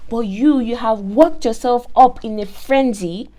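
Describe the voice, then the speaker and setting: A woman's voice: on the high side, a little slow. A woman hosting a faith-based motivational talk, telling stories emphatically with lots of repetition. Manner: animated, emphatic storytelling with repetition. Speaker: host.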